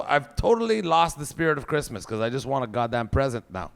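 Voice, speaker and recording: A man's voice: medium pitch, lively intonation, fairly quick, gravelly. A man in his forties with a Quebec French accent, doing a profane, exasperated stand-up rant. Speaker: stand-up comedian. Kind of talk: stand-up routine.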